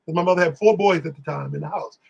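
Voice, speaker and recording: A man guest, telling animated stories in casual talk, singing bits of lyrics and acting out voices. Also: on the high side, fast, gravelly, dull audio, slight background noise. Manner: animated, exclamatory, sings lyrics and acts out voices. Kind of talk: casual storytelling on a live stream.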